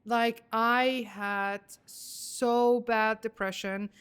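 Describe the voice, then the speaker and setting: Young female podcast host, higher voice, smooth tone, casual and chatty. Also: steady tone, a bit bright. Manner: chatty, quick asides and reactions. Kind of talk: casual interview chat.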